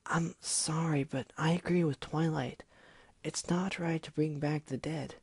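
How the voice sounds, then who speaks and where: A man voicing a timid, gentle pegasus mare who speaks softly and apologetically. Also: on the high side, steady tone, unhurried, gravelly, breathy edge, no echo, pitched above the performer's own voice, exaggerated voice. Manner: soft, apologetic, near whisper.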